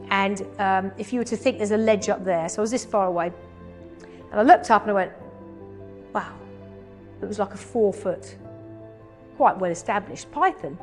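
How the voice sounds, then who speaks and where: A woman from England telling an animated anecdote in a talk, dropping to slow, hushed asides when quoting. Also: medium pitch. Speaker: animal communicator giving a talk.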